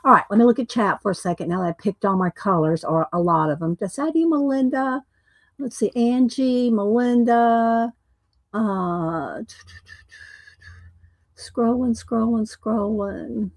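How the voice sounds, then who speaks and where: A woman's voice: a little high, expressive, moderate pace, no echo, poor audio. A woman chatting casually on a live craft stream, thinking aloud as she picks paint colors and reads viewer chat. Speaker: art streamer.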